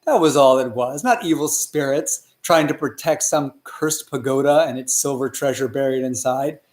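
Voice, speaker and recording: A male storyteller reads a children's tale with animated delivery and keeps asking his young listeners questions. His voice sits in the middle range and echoes noticeably around the room. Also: medium pitch, moderate pace.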